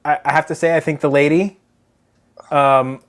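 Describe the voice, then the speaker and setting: A man's voice: on the high side, steady tone, normal speed. A man co-hosting a live stream as the dad, chatting casually and groaning and joking while tasting food. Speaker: co-host, the dad.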